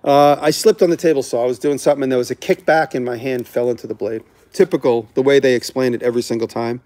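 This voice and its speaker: A man's voice: medium pitch, steady tone, fast talker, a little mellow. A man hosting a casual livestream, answering viewer questions in a rambling, candid way that often breaks off mid-thought. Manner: rambling, self-interrupting, candid.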